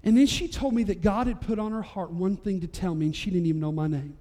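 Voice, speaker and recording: Male pastor, unusually high voice; animated storytelling sermon delivery. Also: fast. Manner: storytelling, animated, voice rising to near-shouts at climaxes. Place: church sanctuary.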